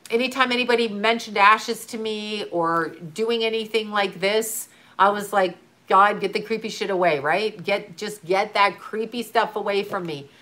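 Bright-voiced woman, earnest and urgent. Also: medium pitch. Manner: earnest, urgent, repetitive coaching with occasional swearing. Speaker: grieving mother giving advice to another mother. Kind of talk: emotional casual talk to a viewer.

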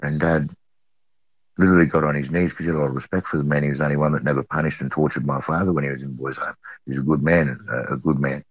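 A middle-aged Australian man with a remarkably deep voice tells a personal story in earnest, circling back to repeat his key phrases. The audio is dry and dull, like a lo-fi recording. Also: steady tone, quick pace, dry recording. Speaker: eyewitness.

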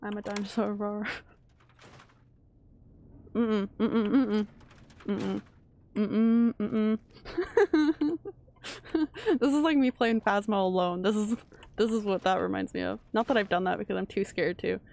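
Jumpy gravelly-voiced woman streamer. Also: mid-range voice, fast, darkish tone. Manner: jumpy, chatty, swears when startled. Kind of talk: casual live-stream gameplay chat.

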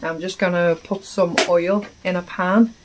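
A woman hosting a home cooking video, explaining a recipe in an unhurried way with plenty of ums, in her kitchen. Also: lowish voice, fairly even intonation, background noise. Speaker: cooking channel host. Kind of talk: casual cooking demonstration. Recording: voice distant from the mic.

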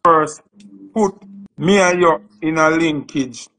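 Jamaican man, reflective conversational partner, a bit high-pitched. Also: unhurried, a bit bright, slight background noise, low-quality recording. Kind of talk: casual chat.

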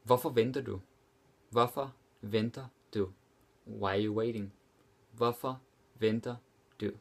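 A young man runs a language lesson in a relaxed, casual way. His voice sits a little low. He says each example phrase slowly, repeats it, and then explains it. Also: gravelly. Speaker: language teacher.

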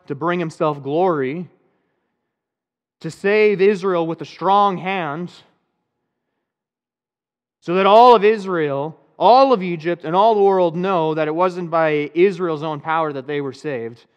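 A man's voice: fairly high pitch, clear, resonant tone, long reverb tail. A male pastor preaching a sermon in an easy, conversational way, with bits of dry sarcasm.

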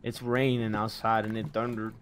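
A young man in casual gaming chat at home, excitable, laughing often and swearing casually. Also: on the low side, moderate pace, background noise. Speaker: gamer. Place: home room.

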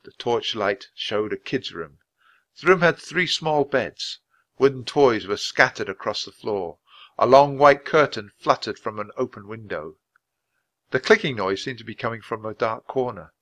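A man reading a children's chapter book aloud at a natural, clear pace. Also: mid-range voice, moderate pace, a bit bright. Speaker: storybook reader.

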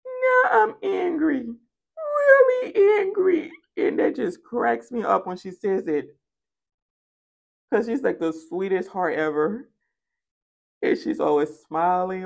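Tarot reader, female, lower register, chatty and emphatic, repeats lines for stress. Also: fairly even intonation, measured pace, creaky, a little mellow. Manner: casual and chatty. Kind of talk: spoken tarot reading.

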